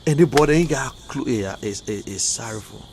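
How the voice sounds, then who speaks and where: A man with a Liberian English accent, talking on a political livestream, emphatic and repetitive, swinging from low muttering to loud outbursts. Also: lively intonation, a little fast. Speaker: livestream commentator. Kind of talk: impassioned political livestream rant.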